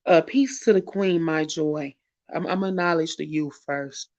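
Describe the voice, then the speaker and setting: A man hosting a live online show. He sounds tearful and emotional, speaks with preacherly urgency, repeats phrases, and gives casual shout-outs. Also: on the high side, measured pace. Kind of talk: emotional livestream talk and exhortation. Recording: dull lo-fi stream audio.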